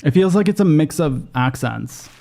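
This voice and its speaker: A man streaming a video game, reacting with excitable, profane commentary that jumps high when surprised. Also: normal speed, vocal fry.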